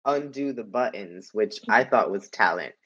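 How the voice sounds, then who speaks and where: A man's voice: on the low side, lively intonation, normal speed, fairly bright tone, slightly rough. A man guesting on a podcast, chatting casually and wryly about a movie. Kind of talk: casual movie-review chat. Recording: dull lo-fi sound.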